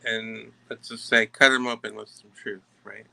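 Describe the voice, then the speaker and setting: A man giving a tarot reading to camera, emphatic and halting, often stopping to restart his sentences. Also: fairly low pitch, fairly even intonation, vocal fry, pushed and bright, poor audio. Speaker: tarot reader.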